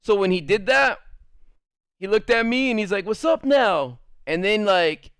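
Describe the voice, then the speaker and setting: A man with a high voice tells a childhood story in a loose, rambling way, swearing freely. The sound is dry and close. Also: moderate pace, a bit bright, clear, resonant tone, no echo. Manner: rambling, profane, laughs often. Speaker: streamer. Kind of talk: casual storytelling.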